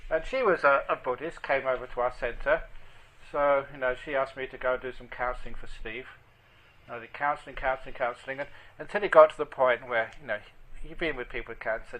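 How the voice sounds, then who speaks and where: A man giving a storytelling dharma talk as a monk, speaking gently and dropping to a near whisper at tender moments. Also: mid-range voice, slight background noise, poor audio. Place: meditation group hall.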